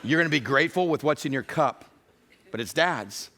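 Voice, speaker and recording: A man's voice: on the high side, expressive, moderate pace, bright, forceful tone, a faint crowd. A middle-aged man preaching a church sermon, full of humorous storytelling. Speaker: pastor.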